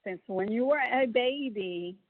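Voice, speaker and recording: A woman's voice: fairly high pitch, measured pace, dry recording. A woman chatting on a phone call, retelling things in a rambling way with lots of fillers and restarts. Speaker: family member on a prison phone call. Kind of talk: casual phone chat. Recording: tinny prison phone line.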